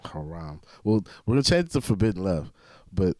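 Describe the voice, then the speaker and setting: A man's voice: sits low, very animated, fairly quick, a little mellow, no room sound, clean studio sound. A man hosting a reaction video, chatting and commenting on a clip.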